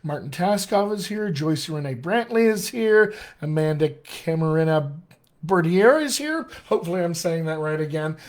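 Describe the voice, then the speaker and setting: Chatty American dialect coach, fairly high. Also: male voice, expressive, normal speed. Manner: chatty and filler-heavy, greets viewers by name. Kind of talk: casual live-stream teaching.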